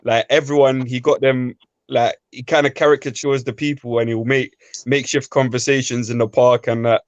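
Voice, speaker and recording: A man's voice: medium pitch, fairly even intonation, moderate pace, no room sound, muffled recording. A man, laid-back and full of slang, hosting a casual group voice chat.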